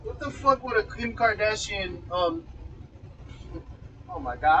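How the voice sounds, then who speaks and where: A man's voice: sits high, lively intonation, a little slow, long pauses, sharp tone, far from the mic, lo-fi sound, a little hiss or hum. A man ranting casually with exasperation, swearing a lot and breaking into laughter. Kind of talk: casual profane rant.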